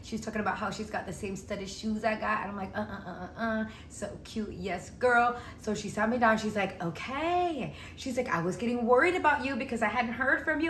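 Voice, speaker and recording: A young woman telling a story in a casual vlog, chatty and animated, acting out the people she quotes. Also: on the high side, a little fast, few pauses. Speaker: vlogger. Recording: echoey room with faint noise.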